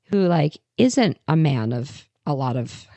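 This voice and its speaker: A woman in her thirties with a low, gravelly voice full of vocal fry. She tells frank family stories in a casual podcast chat, recorded dry and close to the mic. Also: sing-song, unhurried, mellow, no echo. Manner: candid, storytelling, affirming. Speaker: podcast co-host.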